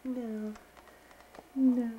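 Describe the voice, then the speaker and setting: A woman's voice: on the high side, flat delivery, very slow, lo-fi sound, slight background noise. A mother filming her baby at home, talking to him in a cooing, teasing, sing-song baby voice. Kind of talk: baby talk to an infant. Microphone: handheld home video camera.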